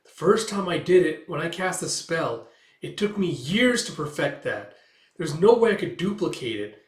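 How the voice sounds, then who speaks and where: A man doing a distraught witch woman, pushed high above his own register, pleading in a strained, raised voice. The reading is caught in an echoey room. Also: very animated, moderate pace, far from the mic. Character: anguished female witch hero, clinging to an illusion family.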